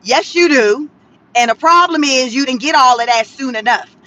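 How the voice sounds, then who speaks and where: A woman vlogging from inside a car, giving sassy, animated commentary and laughing often. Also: sits high, moderate pace. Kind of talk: casual commentary vlog.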